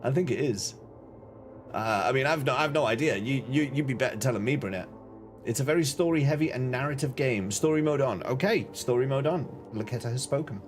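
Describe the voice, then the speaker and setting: Man, game streamer, casual live chat, jokey and chatty, mid-pitched voice, faint music behind. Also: brisk. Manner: chatty, jokey, greets viewers and reacts to chat. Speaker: gaming streamer.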